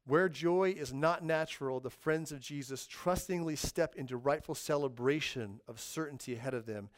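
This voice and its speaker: A man preaching a sermon, animated and acting out voices in his illustrations. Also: a little high, normal speed.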